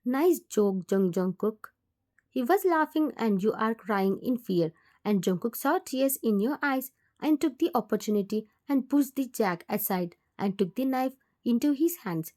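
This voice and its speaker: A woman narrating a second-person fan-fiction story in a plain, steady reading voice. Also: fairly high pitch, normal speed.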